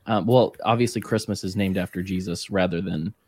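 A man's voice: sits low, fairly even intonation, fairly quick, a little mellow, husky, no echo. A man co-hosting a casual podcast, joking and rambling loosely, on a close, dry mic. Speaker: podcast co-host.

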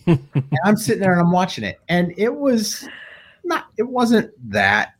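Lively middle-aged man telling a story. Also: sits high, unhurried. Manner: animated storyteller, acts out quoted voices. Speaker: guest, tattoo artist. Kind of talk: storytelling in casual conversation.

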